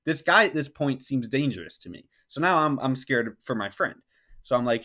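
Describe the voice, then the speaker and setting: A man's voice: mid-range voice, lively intonation, fairly quick, bright, forceful tone. A man hosting a podcast who tells a personal story in a casual, rambling way. He says "like" often and acts out what people said. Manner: rambling, heavy use of "like", acts out quotes. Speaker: podcast host.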